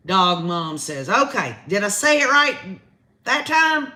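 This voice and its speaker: A woman's voice: medium pitch, big pitch swings, takes it slowly, sharp tone. A woman with a Southern American accent hosting a casual livestream, chatting straight to her viewers. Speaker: livestream host. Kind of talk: casual live commentary.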